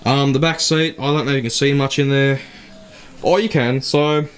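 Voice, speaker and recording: A young man with an Australian accent chats his way through a walkaround of an old car, often losing his words and laughing them off. His voice sits in an ordinary middle pitch, picked up by the mic of a handheld camera inside the car. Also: fairly even intonation, normal speed, smooth. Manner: rambling and chatty, loses words, laughs often. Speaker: car channel host. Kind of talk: casual car walkaround vlog.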